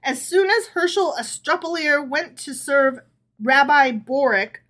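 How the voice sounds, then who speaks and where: A woman's voice: sits high, animated, measured pace, a bit bright. A woman podcast co-host reading folk tales aloud to her partner, with casual amused asides.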